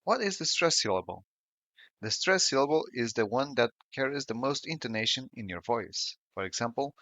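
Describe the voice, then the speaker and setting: A man narrating a scripted pronunciation lesson, slowing down to model each example sound with care. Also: medium pitch, fairly bright tone, no echo. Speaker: language tutor. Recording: dull, lo-fi and dry voice-over.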